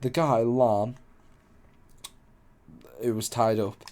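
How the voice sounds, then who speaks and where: Young man, casual teller of a wild tale, mid-pitched, meandering and foul-mouthed. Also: fairly even intonation, very slow, darkish tone. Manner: rambling, heavy swearing, loses his place. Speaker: storyteller. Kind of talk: casual storytelling.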